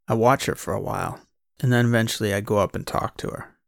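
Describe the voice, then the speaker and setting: A man's voice: on the low side, steady tone, fast, gravelly, no room sound, studio quality. A man giving first-person audiobook narration in a wry, conversational private-eye voice.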